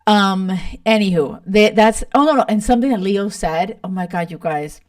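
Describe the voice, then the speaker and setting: A woman's voice: medium pitch, moderate pace. A young woman hosting a podcast, chatting casually and laughing often, with many fillers like "like" and "you know". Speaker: podcast host. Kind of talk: casual chat recapping a reality show.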